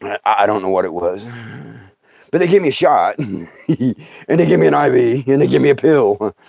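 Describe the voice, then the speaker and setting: A man's voice: medium pitch, expressive, moderate pace, gravelly, darkish tone, no room sound, highs cut off. A middle-aged man telling a comic story on a livestream, stammering, laughing often and putting on voices. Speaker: comedian. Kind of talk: storytelling stand-up.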